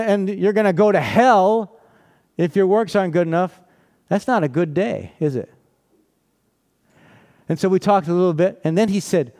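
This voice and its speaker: A man's voice: high voice, a little mellow. A man preaching a sermon in a conversational, storytelling way, often asking rhetorical questions and laughing.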